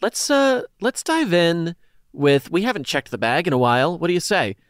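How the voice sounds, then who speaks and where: A man's voice: on the high side, sing-song, normal speed, fairly bright tone, clear, resonant tone, dry recording, studio quality. A man co-hosting a podcast in casual chat, joking and playful. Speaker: podcast co-host.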